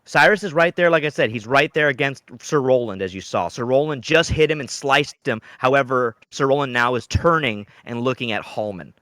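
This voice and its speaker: A man running a tabletop game as game master, narrating dramatically with sudden loud outbursts. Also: medium pitch, brisk, hardly any pauses, no echo.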